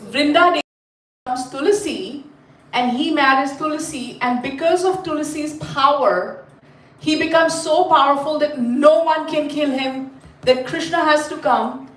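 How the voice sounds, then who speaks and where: A woman from India, telling a story to a class in an animated, chatty way and quizzing her listeners. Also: high-pitched, a little slow. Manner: animated, chatty, asks the group questions. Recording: roomy, mic at a distance.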